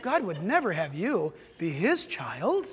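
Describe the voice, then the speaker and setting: A preacher voicing a sly male Satan who tempts in a low, coaxing murmur, in a reverberant hall. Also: huge pitch swings, measured pace, exaggerated voice. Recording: long church hall reverb.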